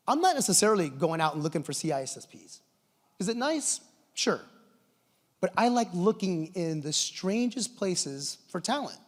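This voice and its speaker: A middle-aged man speaking from a conference stage, telling stories with lively enthusiasm. His voice sits somewhat high for a man. A long reverb from the large hall trails every phrase. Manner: enthusiastic storytelling, animated. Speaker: conference presenter. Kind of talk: conference keynote talk.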